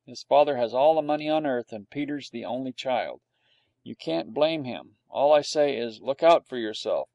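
Brief: man playing a gravelly, mellow terrier, knowing and brash, storybook. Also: mid-range voice, dry recording, dull audio, natural voice. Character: young male boy-doted terrier, streetwise and blunt.

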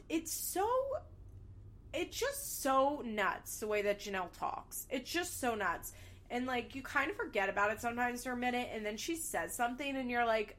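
A young woman with a slightly high voice gives a casual gossip recap of a reality show. She is candid and sarcastic and swears freely, in an easy talking tone. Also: animated, normal speed, fairly bright tone.

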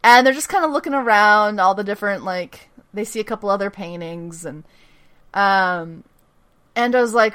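A woman co-hosting a casual podcast, recapping a TV episode, giggly and animated, breaking into quick voices for the characters. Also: mid-range voice, smooth. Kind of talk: casual chat.

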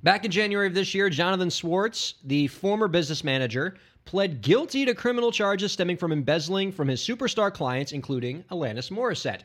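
A man's voice: high voice, animated, brisk, few pauses, a bit bright. A man co-hosting a casual podcast, explaining things plainly and bantering with his co-host.

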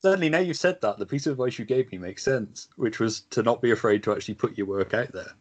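A man's voice: mid-range voice, fast, darkish tone, slightly rough, highs cut off. A man hosting a casual chat podcast, easygoing and joking, with a self-mocking streak. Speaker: podcast host.

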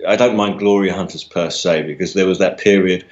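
A man's voice: low voice, steady tone, fairly quick. A middle-aged man with a southern English accent, chatting casually as a podcast guest, rambling, restarting and laughing as he goes. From England. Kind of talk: casual chat. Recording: dull lo-fi sound.

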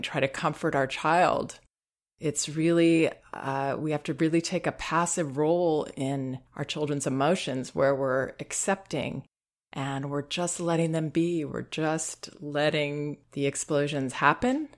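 A middle-aged woman hosting a parenting advice show, speaking in a calm, unhurried, reassuring way. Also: low-pitched. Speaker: parenting advice podcast host. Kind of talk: advice talk.

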